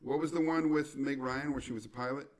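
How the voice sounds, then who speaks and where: A man chatting casually on a podcast, rambling and pausing to search for names mid-sentence. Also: medium pitch, fairly even intonation. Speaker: podcast guest. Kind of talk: casual chat.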